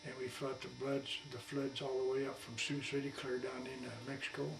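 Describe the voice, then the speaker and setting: A man's voice: medium pitch, monotone, fairly quick. Brief: veteran man, 80s, colloquial oral-history storyteller, roomy far-off mic, slight hum. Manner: rambling folksy colloquial storyteller. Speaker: war veteran interviewee. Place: at his home. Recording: echoey room, distant mic, faint hum.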